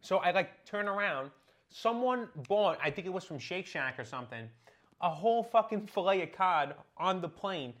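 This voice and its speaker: A man's voice: high voice, lively intonation, moderate pace, fairly bright tone. A young man hosting a podcast, telling rambling stories full of fillers and swearing, laughing along. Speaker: podcast host. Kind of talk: casual comedic storytelling.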